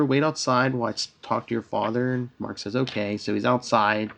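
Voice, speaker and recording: Gravelly man recapping a comic. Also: on the low side, fairly even intonation, moderate pace, fairly bright tone. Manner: retells scenes with filler "uh"s and quoted dialogue. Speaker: podcast co-host. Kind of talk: casual comic book recap.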